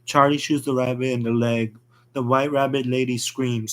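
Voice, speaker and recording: A man narrating a fan horror story in a plain, rushed reading with slips. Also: mid-range voice, flat delivery, a bit bright.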